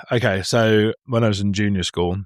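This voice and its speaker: In a clean studio recording with no room sound, a man in his thirties co-hosts a podcast about films. His voice sits fairly low and moves at a moderate pace, and he's playful, laughing, and full of animated asides during the casual film chat.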